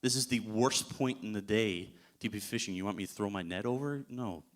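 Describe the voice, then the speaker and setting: A man's voice: fairly low pitch, a little fast, lightly acted. A man voicing a tired, blunt male fisherman in casual everyday speech, recorded in a church. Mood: exasperated.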